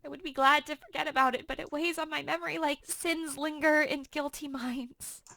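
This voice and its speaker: A woman's voice: high voice, fairly even intonation, moderate pace, gravelly, bright, forceful tone, no echo, voice pushed up, heavily acted. A woman reading as a passionate, distraught young teenage girl in a dramatic reading for a class. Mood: grieving. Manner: emotional dramatic reading in modern paraphrase.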